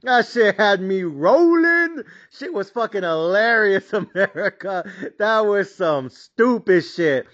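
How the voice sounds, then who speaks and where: High-pitched brash swearing man. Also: lively intonation, slow pace. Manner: loud, brash, swearing, repeats catchphrases. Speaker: sports betting podcast host. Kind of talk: profane hyped podcast rant. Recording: dull lo-fi audio.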